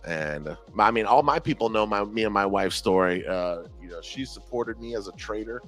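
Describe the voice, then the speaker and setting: A young man hosting a live trading stream, telling animated stories and acting out quotes in casual chat. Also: lowish voice, normal speed, soft background music. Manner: animated storytelling, acts out quotes. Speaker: trader and show host.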